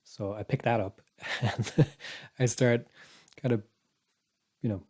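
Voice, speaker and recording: A man casually telling a spooky story on a podcast, rambling with restarts and dropping to a hush for his own thoughts. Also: medium pitch, steady tone, slow pace, breathy edge. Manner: rambling, restarts, quiet asides when recalling his thoughts. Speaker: podcast co-host.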